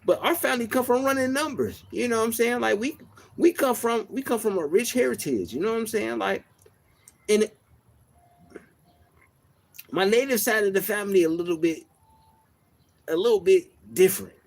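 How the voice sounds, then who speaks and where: Soft-spoken man, high-pitched. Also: normal speed, vocal fry, long pauses. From Detroit. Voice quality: soft, even-toned. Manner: slangy, reflective, frequent filler phrases. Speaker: livestream host. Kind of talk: casual livestream monologue.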